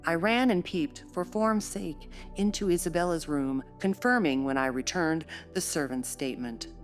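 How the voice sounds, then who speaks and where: A woman narrating a classic novel in a measured, steady storytelling voice. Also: low voice, faint music behind. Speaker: audiobook narrator.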